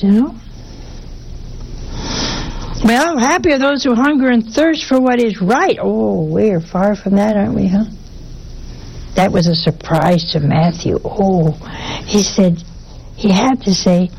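A woman preaches a sermon at an unhurried pace, her voice carrying a gravelly rasp. She talks in a homey, conversational manner and keeps turning to her listeners with rhetorical questions. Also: medium pitch, darkish tone, highs cut off, a little hiss or hum.

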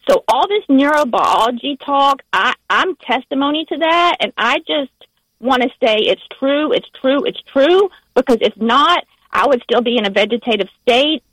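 A woman with a Southern US accent calling in to a radio show by phone, talking in a heartfelt, halting way with frequent restarts. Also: on the high side, fairly bright tone, dry recording, low-quality recording. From United States. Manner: emotional, halting, restarts often. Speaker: caller. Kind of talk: call-in chat.

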